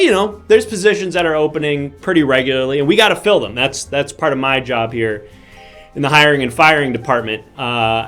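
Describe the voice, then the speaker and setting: A man doing a rambling corporate hiring manager with a slightly high voice, chatty and forever stumbling over his own sentences. He talks in a loose, improvised live-comedy way, and faint music runs underneath. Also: fairly bright tone, lightly acted. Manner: chatty, rambling, self-interrupting. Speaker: comedy character host.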